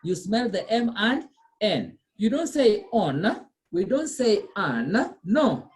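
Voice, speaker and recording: A woman's voice: fairly high pitch, big pitch swings, measured pace, a little mellow. A woman teaching French pronunciation over a video call, patiently repeating and checking that students follow. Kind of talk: online class teaching.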